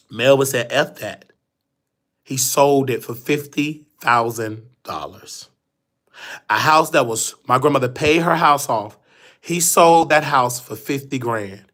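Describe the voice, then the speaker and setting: A man's voice: medium pitch, fairly bright tone. A man hosting a live show, telling a rambling, repetitive story in casual chat. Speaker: host. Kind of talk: casual livestream monologue.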